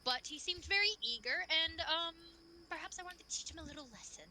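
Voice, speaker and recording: A woman's voice: very high-pitched, fairly quick, sharp tone, voice pushed up, exaggerated voice. A woman voicing a weary, grumbling male blacksmith in a tabletop game, tired and sighing.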